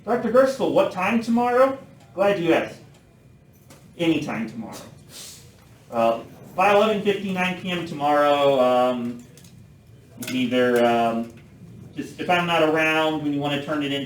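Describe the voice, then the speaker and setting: A man's voice: medium pitch, normal speed, slight background noise. Joking male math professor in an echoey classroom. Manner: relaxed, joking, with many uh fillers. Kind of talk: classroom lecture. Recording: echoey classroom, mic some distance off.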